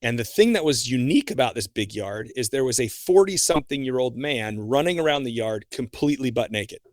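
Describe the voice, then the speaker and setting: Brief: young man, podcast guest, lively storyteller, mid-pitched, dry close sound. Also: a little fast, no room sound. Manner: animated, acts out his own reactions. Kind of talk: casual storytelling.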